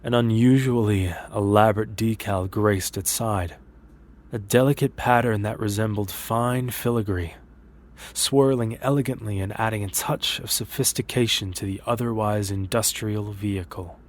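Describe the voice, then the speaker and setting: A low-voiced man reads a scripted horror story in the first person. His delivery is measured and steady, with a sober, deliberate pace through the tense scenes. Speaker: narrator.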